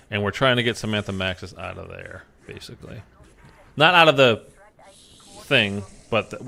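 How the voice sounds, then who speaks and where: A male gaming YouTuber chats loosely over his gameplay, rambling and leaning on fillers. His voice is fairly low and gravelly, with a bright, forceful edge. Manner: rambling, filler-heavy, chatty. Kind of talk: casual gameplay commentary.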